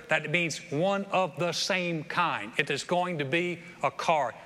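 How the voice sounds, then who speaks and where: Before his congregation in an echoing sanctuary with faint background ambience, a pastor preaches at a moderate pace with few pauses. His pitch is fairly high and his tone sharp, and he repeats words while spinning folksy, funny stories.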